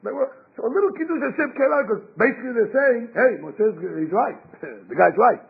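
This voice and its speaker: Emphatic male preacher, gravelly fry, acts out quotes, lo-fi phone-quality recording. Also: very high voice, sing-song, brisk. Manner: emphatic, acts out quotes, mixes Hebrew terms. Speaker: rabbi giving a Torah class. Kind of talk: animated sermon.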